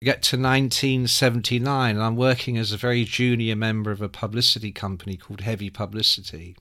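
A man, a music journalist telling anecdotes in a casual, animated way, swearing freely. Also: on the low side, quick pace, no room sound, studio quality. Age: 60s. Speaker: music journalist and podcast host.

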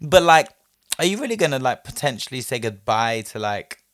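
A man's voice: medium pitch, big pitch swings, normal speed, fairly bright tone, no room sound, studio quality. A man giving chatty, sassy commentary on a listener's story, peppering his talk with "like" and frequent laughs. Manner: chatty and sassy, heavy use of "like", laughs often. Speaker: host answering a listener story. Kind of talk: casual commentary.

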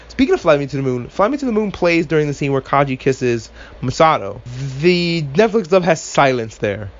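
Man, podcast host, casual recap, sarcastic, curses freely, higher-pitched voice, dull lo-fi sound. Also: a little fast. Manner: animated, swears a lot, sarcastic asides.

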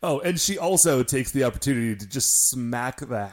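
A man co-hosts a podcast and recaps scenes in casual chat. His voice sits at an ordinary middle pitch. He keeps it wry and slips in joking asides. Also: lively intonation, moderate pace. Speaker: podcast co-host.

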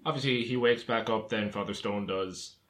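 A young man chatting casually, calmly retelling scenes from a sitcom. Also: on the low side, normal speed. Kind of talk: casual chat.

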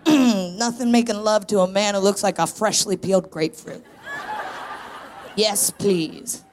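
A woman's voice: medium pitch, measured pace, darkish tone, a little hiss or hum. A woman in her thirties doing a frank, self-mocking stand-up comedy set on a live stage. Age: 30s. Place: live stage in a tent before an audience.

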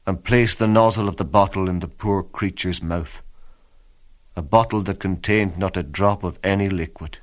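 Slow, grave man reading war memories. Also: sits low. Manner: grave, intense, drops to a hush at dark moments. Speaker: reader of a soldier's war memoir. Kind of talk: dramatic first-person reading.

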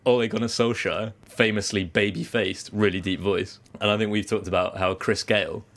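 A man's voice: fairly low pitch, fairly even intonation, moderate pace, fairly bright tone. A man co-hosting a casual cricket podcast, reading news articles aloud in a chatty way. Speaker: podcast co-host.

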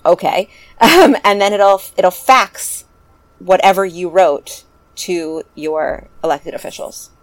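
A woman hosting a casual podcast chat, animated and joking as she urges listeners to act. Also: on the low side, slow pace, no room sound. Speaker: podcast host.

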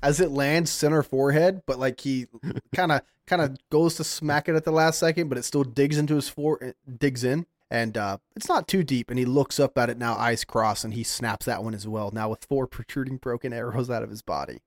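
A man's voice: mid-range voice, a little fast, no room sound. Man, game master, tabletop narration, vivid, laughing, dry close sound. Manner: laughs often, vivid descriptions.

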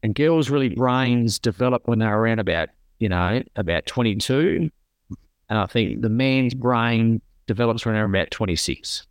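A man's voice: medium pitch, moderate pace, clean tone, dry recording. Earnest middle-aged Australian man, dry sound. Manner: earnest storytelling, repeats himself. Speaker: guest. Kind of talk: casual conversation.

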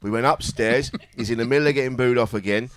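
A man's voice: mid-range voice, quick pace, a little hiss or hum. A man, a comedian on a live panel, telling a blunt, sweary gig story.

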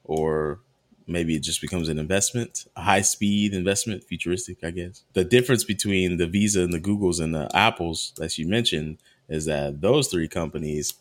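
Deep-voiced, blunt male podcast guest. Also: moderate pace. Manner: blunt, opinionated, swears casually. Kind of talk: casual podcast conversation.

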